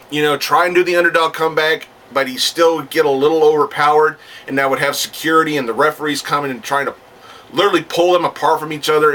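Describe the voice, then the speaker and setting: An excitable male vlogger rambles through his ideas in a bright, slightly high voice, full of restarts and asides. He sounds a little distant from the microphone. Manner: enthusiastic, rambling, with many restarts and "you know". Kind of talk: casual commentary.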